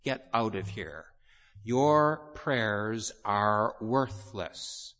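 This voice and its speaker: A man voicing a loud, scornful devil taunting a priest. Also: on the low side, animated, extremely slow, in a large hall, exaggerated voice. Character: taunting devil speaking through a possessed girl.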